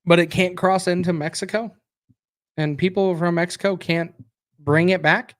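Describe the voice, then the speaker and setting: A tired American man with a fairly high-pitched voice chats loosely on his podcast. He rambles, trails off and reacts aloud as he reads comments. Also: fairly even intonation, moderate pace, a bit bright. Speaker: podcast host. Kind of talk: casual live-stream chat reading viewer comments.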